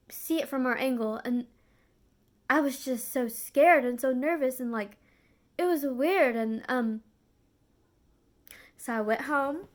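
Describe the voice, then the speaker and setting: A young woman speaks to her viewers in a slightly high voice, earnest and confiding as she tells a personal story. She fills her talk with fillers and restarts. It sounds unscripted and heartfelt. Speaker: vlogger.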